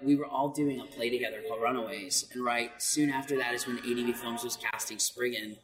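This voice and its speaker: A voice actor in a casual interview recounts stories with plenty of laughter and animation. His mid-range voice is fairly quick and recorded from afar, with music in the background of an echoey hall that has faint noise.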